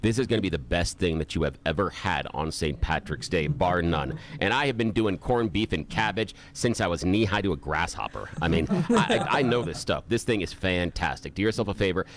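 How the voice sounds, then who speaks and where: A man's voice: low-pitched, very animated, a little fast, few pauses, a crowd in the background. A male radio co-host chatting casually and gushing with enthusiasm over the food. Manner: effusive, enthusiastic food praise.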